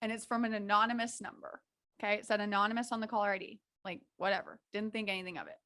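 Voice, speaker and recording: A woman's voice: mid-range voice, racing. A young woman in her twenties co-hosting a podcast, telling a story with lots of laughter and acted-out quotes. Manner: animated storyteller, laughs often, acts out quotes. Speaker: podcast co-host. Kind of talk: casual chat, storytelling.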